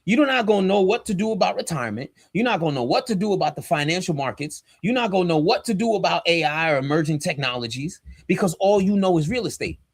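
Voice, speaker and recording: A man's voice: high-pitched, lively intonation, quick pace, few pauses, husky, dry recording, clean studio sound. A man, a pastor and podcast co-host, talking in a casual but preachy, emphatic and slangy way. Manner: emphatic and fired up, slangy and direct.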